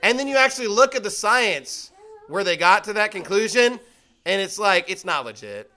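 Man, pastor, sermon, high voice, bright tone, animated. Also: moderate pace. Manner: animated, mocking quoted voices, reading scripture aloud.

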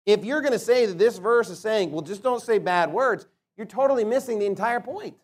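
A man preaching a sermon, asking rhetorical questions and slowing down to stress his points. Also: high-pitched, lively intonation. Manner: emphatic, rhetorical questions, slows to stress words.

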